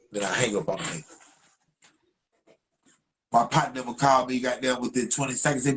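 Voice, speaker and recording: A young man from Atlanta with a Georgia accent tells a profane street story in a husky, slightly breathy voice. His pitch sits in the middle range, and he acts out the other people's lines with lots of energy. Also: fairly even intonation, fast, pauses often, fairly bright tone, poor audio. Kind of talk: casual storytelling.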